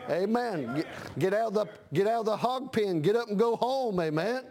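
A middle-aged pastor with a notably high, slightly mellow voice delivers a homespun, folksy sermon at normal speed with lively intonation, dotting it with frequent amens. He acts out the voices of the people he describes and drives home each point with plain country talk.

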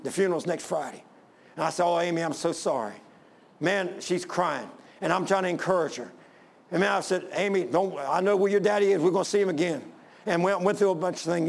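A middle-aged man preaches in a high, gravelly voice. His sermon is impassioned and repetitive, and he climbs to shouted peaks. He sounds like a pastor addressing his church. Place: church sanctuary with congregation.

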